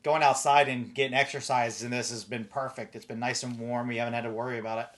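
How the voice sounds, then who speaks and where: A man hosts a laid-back livestream and chats easily with a guest. His pitch sits in an ordinary middle range. He reads out viewer questions in a loose, friendly manner. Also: flat delivery, quick pace, fairly bright tone. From Florida, USA. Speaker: host. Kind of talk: casual livestream chat.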